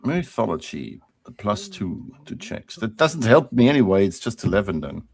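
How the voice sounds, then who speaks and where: A man's voice: lowish voice, very animated, moderate pace, vocal fry. A man playing a tabletop game, chatting casually and joking wryly. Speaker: player.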